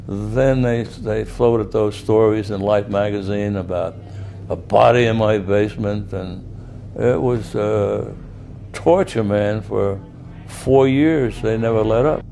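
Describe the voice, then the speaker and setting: Older New man, ex-congressman, deep and mellow, tells it blunt and salty. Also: slow pace, gravelly, faint music behind. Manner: blunt, profane storyteller who repeats words as he goes. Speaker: former congressman. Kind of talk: recounting past events in an interview.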